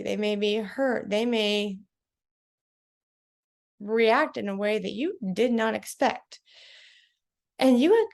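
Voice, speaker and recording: A woman's voice: mid-range voice, vocal fry. A woman talking to camera in a casual, direct way, giving advice from her own experience. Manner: direct, conversational, self-reflective. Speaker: vlogger.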